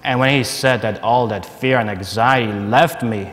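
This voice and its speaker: A man giving a personal testimony at a conference, telling his story in a lively way and laughing often. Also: mid-range voice, normal speed, few pauses. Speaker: conference speaker. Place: large conference hall. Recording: long hall reverb, faint noise.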